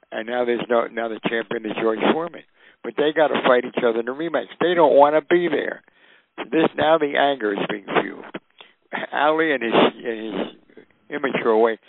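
An older man telling stories in an animated way, acting out the voices of the people in them. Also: medium pitch, vocal fry, slight background noise. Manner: animated, acts out quoted voices. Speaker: guest storyteller. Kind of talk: recounting anecdotes. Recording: tinny phone-like radio line.

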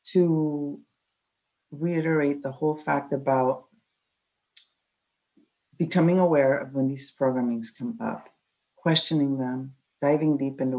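A woman's voice: a bass voice, fairly even intonation, a little slow, long pauses, dark tone, rough recording. Earnest woman podcast host. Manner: earnest, emphatic, mother of children. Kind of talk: casual chat.

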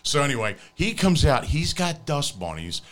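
A man's voice: a little high, sing-song, normal speed, very noisy. A man hosting a podcast, telling a rambling story with fillers and frequent laughs. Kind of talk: casual chat.

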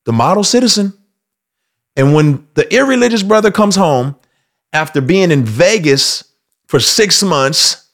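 A man hosting casual faith commentary, telling stories in an animated way and slipping into acted voices. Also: a little high. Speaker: host.

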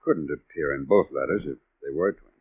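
Deep, dry police sergeant. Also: male voice, fairly quick, slightly rough, no echo. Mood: matter-of-fact. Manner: dry, factual report. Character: matter-of-fact police sergeant, handwriting expert. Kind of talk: 1940s radio acting. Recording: tinny, dry old radio broadcast.

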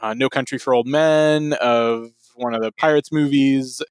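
A man co-hosting a casual podcast, relaxed and swearing freely, chuckling often between news items. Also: mid-range voice, measured pace, clear, resonant tone, no echo. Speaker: podcast co-host.

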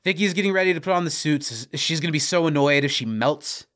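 A man's voice: fairly high pitch, fast, fairly bright tone. A man co-hosting a podcast, recapping a TV episode in casual chat, laughing often and acting out quoted lines.

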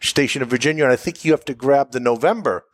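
A middle-aged man, a military veteran, answering interview questions and telling stories in a measured way, often pausing with "uh". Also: medium pitch, no room sound. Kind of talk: relaxed interview answers, storytelling.

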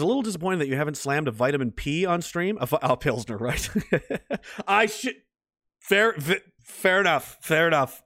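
This middle-aged man hosts a casual livestream, reading the chat as he rambles loosely, swears freely and often bursts out laughing. His voice is somewhat high and a bit bright, picked up by a close microphone in a dry, dead-sounding room with no echo.

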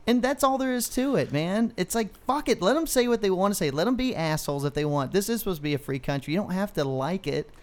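A man co-hosting a casual podcast, his voice pitched a bit high. He rants loosely, swearing freely and circling back through long, rambling stories. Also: fast, few pauses. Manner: profane, ranting, animated storyteller. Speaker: podcast co-host. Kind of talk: casual chat.

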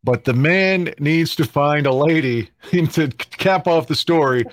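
Teasing man co-host, slightly high voice. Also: unhurried. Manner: teasing, laughs. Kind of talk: casual banter.

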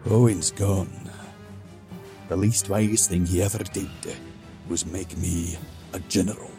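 Brief: male narrator doing a grumbling old Scots dwarf, loud and bristling. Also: low voice, steady tone, slow, music in the background. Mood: defiant. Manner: gruff, blustering. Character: fat concussed old male dwarf, gruff and bitter.

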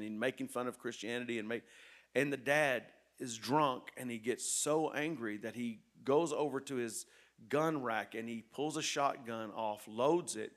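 A pastor telling a story in a sermon, earnest and repetitive, dropping soft and then rising loud. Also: male voice, mid-range voice.

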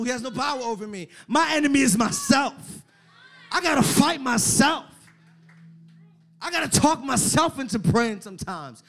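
High-voiced preaching pastor, shouting and hushing. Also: male voice. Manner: preaching with swings from shouted emphasis to hushed, low delivery; repeats words and stammers restarts. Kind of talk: sermon.

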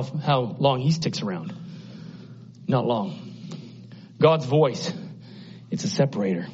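Husky guy preaching hard, voice keeps climbing, muffled old sermon tape. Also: animated, takes it slowly, pauses often, darkish tone. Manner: impassioned, rising to high exclamations.

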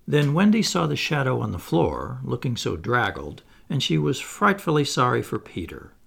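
Expressive gravelly male storyteller. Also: mid-range voice, normal speed, hardly any pauses. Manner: lively, expressive read-aloud with playful asides. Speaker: audiobook reader. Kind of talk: storybook narration.

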